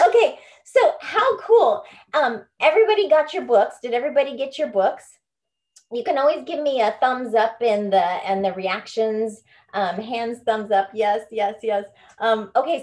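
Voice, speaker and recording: Her voice is high-pitched with a darkish tone as she runs a book club on a video call. A home coach as well as the club's leader, she keeps the online group talk casual, bubbly, and full of laughs.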